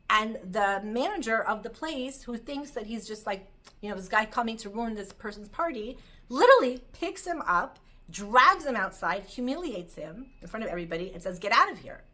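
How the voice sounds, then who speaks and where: Bright, animated woman teacher. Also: medium pitch. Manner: animated storytelling, mixes Hebrew terms. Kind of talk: Torah class.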